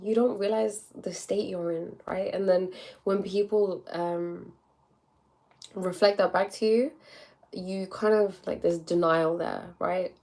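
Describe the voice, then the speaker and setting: Young woman, stuffy nose, loose and chatty livestream host, middle-pitched voice. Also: fairly even intonation, a little mellow. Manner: chatty, many likes and quick acted-out quotes. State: blocked nose. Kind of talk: casual livestream chat.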